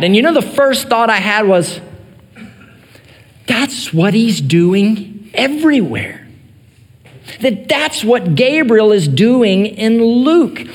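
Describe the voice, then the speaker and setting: A male pastor preaching an earnest sermon, rising in emphasis and then dropping to soft, quiet phrases. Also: very high voice, long reverb tail.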